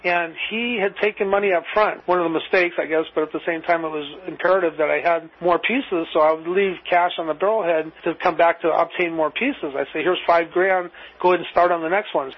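A man spinning a long, rambling anecdote as an interview guest, acting out both sides of the dialogue. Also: high voice. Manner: rambling, acts out dialogue with "I says". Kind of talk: anecdotal storytelling. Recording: muffled lo-fi recording.

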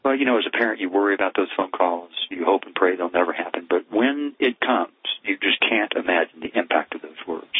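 A man's voice: deep voice, fairly quick, hardly any pauses, slight background noise. A middle-aged man, a cardiologist guest, telling a personal story in an earnest, heartfelt way. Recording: tinny phone line, dry.

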